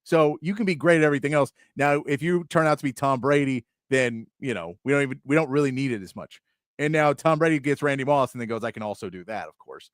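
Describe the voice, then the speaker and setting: A man's voice: on the high side, fast, dry recording, studio quality. A man hosting a sports talk show, chatting casually with many asides and frequent laughs.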